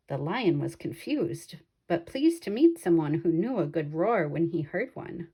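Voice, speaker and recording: Female storybook reader, slow pace, warm and dark tone. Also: fairly low pitch, husky. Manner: slow and expressive. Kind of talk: children's picture book read-aloud.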